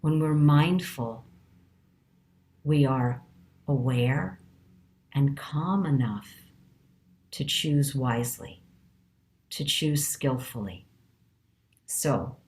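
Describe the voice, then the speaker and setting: Middle-aged woman, low voice, calm and earnest mindfulness teacher with measured pauses. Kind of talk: teaching talk.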